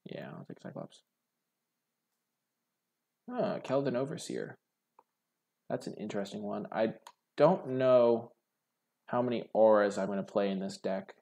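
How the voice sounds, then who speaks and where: Young male game host, lowish voice, casual think-aloud draft commentary with lots of fillers. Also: very animated, a little slow, vocal fry, long pauses, mellow. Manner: musing, hesitant, many "like" fillers. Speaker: card game video host.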